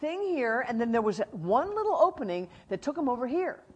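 A woman's voice: fairly high pitch, very animated, brisk, a little mellow, slightly rough, lo-fi sound. A middle-aged woman teaching from the Bible, telling stories with energy and acting out animals and friends.

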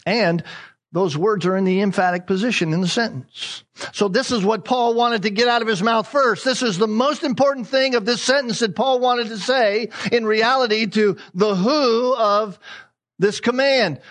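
High-voiced man preaching emphatically. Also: moderate pace, fairly bright tone. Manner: emphatic, repeating key phrases, rhetorical questions. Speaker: pastor. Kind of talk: sermon.

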